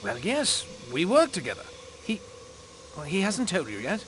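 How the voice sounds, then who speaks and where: A man's voice: high voice, huge pitch swings, moderate pace, a bit bright, a little hiss or hum, full character voice. A man voicing a nervous, flustered passenger who stumbles and trails off in a mystery game. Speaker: passenger under questioning. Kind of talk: video game voice acting.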